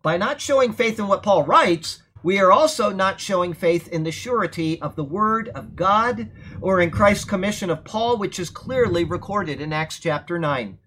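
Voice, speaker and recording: A man teaching a Bible class during a thunderstorm speaks at normal speed, his high voice fairly bright and lively in intonation. The church-room lesson is sermon-like yet conversational, full of "okay?" check-ins with listeners and building into emphatic, indignant moments.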